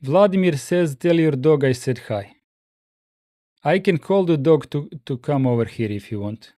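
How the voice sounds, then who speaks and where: A man hosting a casual livestream at home. He reads viewer comments aloud in relaxed, halting English with frequent pauses. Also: fairly high pitch, dry recording, studio quality. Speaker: livestream host.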